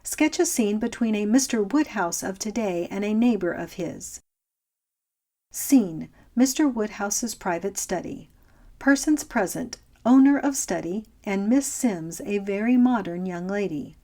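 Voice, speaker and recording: A woman reading an audiobook aloud in a measured, careful way. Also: medium pitch, expressive, mellow. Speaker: audiobook reader.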